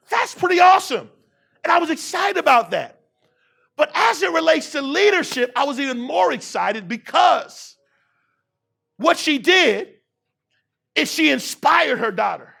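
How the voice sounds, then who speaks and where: A man's voice: very high voice, creaky, pushed and bright. A man around forty giving a motivational keynote speech, using call-and-response with the audience in a repetitive preaching cadence. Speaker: keynote speaker. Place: university event hall.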